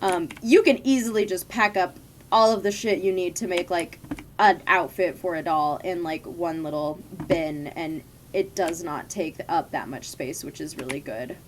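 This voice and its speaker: A woman's voice: fairly low pitch, moderate pace, a little hiss or hum. A young adult woman streamer chatting casually and rambling through stories from her past jobs while she plays. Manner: rambling, chatty storytelling with frequent laughs. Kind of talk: casual chat while gaming.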